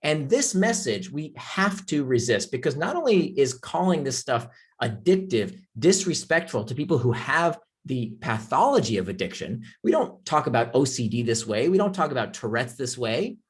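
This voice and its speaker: A man giving an impassioned talk on a video call, with emphatic rhetorical questions, then calmly answering audience questions from the chat. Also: medium pitch, moderate pace, hardly any pauses, breathy edge. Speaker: author and speaker.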